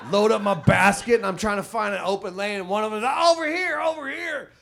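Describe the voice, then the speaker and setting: A man performing a crude stand-up comedy set on a club stage, telling ornery stories with sudden loud outbursts. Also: sits high, level tone, fast talker, vocal fry, slight background noise.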